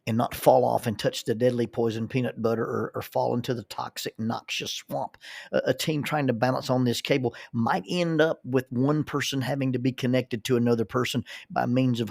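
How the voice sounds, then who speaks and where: A man's voice: mid-range voice, vocal fry, a little mellow, dry recording, studio quality. A man, a counselor and minister, telling stories in a folksy way, often repeating words as he starts a thought. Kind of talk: storytelling monologue.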